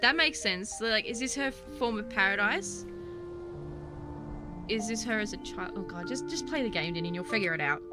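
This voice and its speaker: With a mid-range, animated voice at normal speed, a young Australian gaming streamer talks through her let's play. She's jumpy and jokey, and game music runs underneath her commentary.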